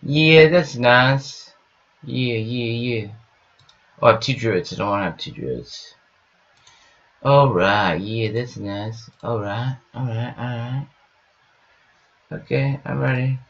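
A man's voice: medium pitch, slow pace, gravelly, pauses often, a bit bright. Rambling man muttering over his game. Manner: rambling, repeats stock phrases, jokey goofing around. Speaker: gaming streamer. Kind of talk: casual gameplay commentary. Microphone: webcam setup at home. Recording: slightly dull lo-fi sound.

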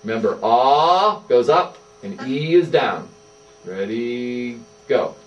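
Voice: medium pitch, lively intonation, takes it slowly, dull audio. A speech therapist coaching a young child through voice exercises, with encouraging, sing-song praise. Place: indoor therapy room. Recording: distant mic with faint mains hum.

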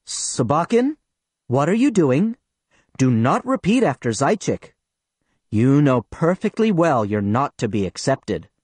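A man reading the part of a prim female schoolteacher in an audiobook, raising his voice into a higher, lively register for her. Her syrupy politeness hardens into cold sternness. The sound is close and dry. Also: measured pace, no echo. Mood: stern. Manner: sweetly polite, turning sharp and stern. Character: strict, sugary female Soviet schoolteacher.

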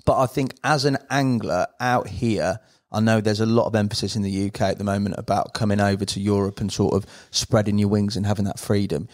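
A man's voice: fairly low pitch, steady tone, brisk. A man hosting a podcast interview, chatting casually and calling his guest mate often. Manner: friendly, says mate a lot. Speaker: podcast host.

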